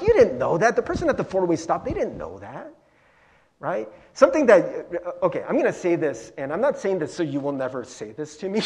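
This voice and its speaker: Man, pastor, conversational sermon, animated, fairly high-pitched, casual asides. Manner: animated, chatty, frequent "like" and "right?" asides.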